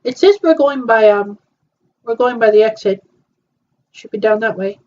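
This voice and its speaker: A woman acting out a trip with several voices. She talks hesitantly, with many fillers and halting restarts. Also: fairly high pitch, animated, darkish tone. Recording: dull lo-fi sound.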